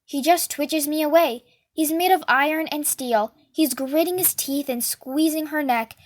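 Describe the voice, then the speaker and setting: A woman reading a novel aloud in a steady, earnest storytelling manner. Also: high-pitched, measured pace. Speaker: book reader.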